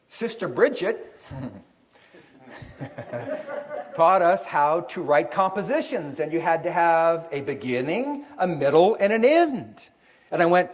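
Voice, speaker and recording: A man's voice: fairly high pitch, very animated, slow pace, long pauses. A middle-aged man, an author and seminar speaker, telling a story to a live audience and acting out the voices in it. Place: event hall with an audience.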